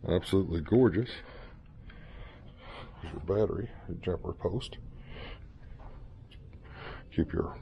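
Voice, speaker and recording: A man's voice: low voice, slow pace, vocal fry, long pauses, highs cut off, slight background noise. A man in his fifties giving a playful, joking walkthrough of a museum as a vlogger, talking casually as he goes. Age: 50s. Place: indoor museum hall.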